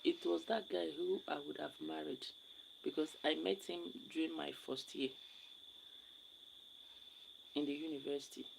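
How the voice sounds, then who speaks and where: A woman's voice: low voice, fairly even intonation, unhurried, creaky, long pauses, background noise. A young Nigerian woman with a Nigerian accent, chatting casually with viewers on a live stream and rambling, repeating her words.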